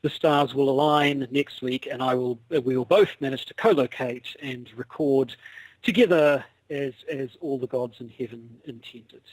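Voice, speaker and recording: Husky, wry male podcast co-host. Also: medium pitch, moderate pace, no room sound, low-quality recording. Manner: wry and rambling, with many restarts. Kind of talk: casual chat over a call. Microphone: video call.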